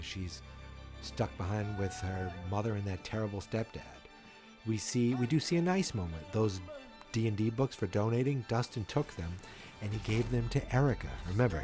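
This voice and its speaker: A man hosting a podcast, recapping an episode in a casual, animated storytelling way. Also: fairly low pitch. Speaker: podcast host.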